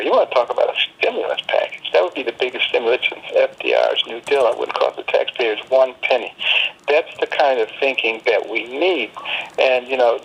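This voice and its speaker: Man, middle-aged, husky voice, measured delivery, many fillers and restarts, political commentary, call guest. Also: medium pitch, dull audio.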